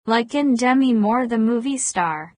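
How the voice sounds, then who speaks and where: A woman voicing a teasing Deep South woman with a smoky voice in an audiobook, speaking slowly. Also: animated, darkish tone, no echo, studio quality.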